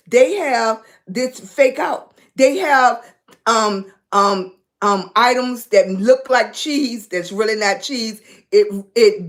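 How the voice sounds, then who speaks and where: Chatty older woman hosting a livestream. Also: a little high. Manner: chatty, thanks viewers by name, folksy Southern-style speech. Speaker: livestream host. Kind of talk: casual live-stream chat.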